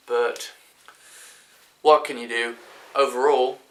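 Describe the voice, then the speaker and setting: Slow-talking British man reviewing a film. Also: medium pitch, bright, forceful tone, slight background noise. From Britain. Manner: rambling, chatty, with many fillers and restarts. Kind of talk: casual spoken movie review. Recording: echoey room.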